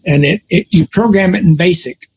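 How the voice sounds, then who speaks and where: In a high voice at a fairly quick pace, an older guest rambles on about his working life during a casual talk, regularly backing up to fix what he said. There's slight background noise and the audio is poor.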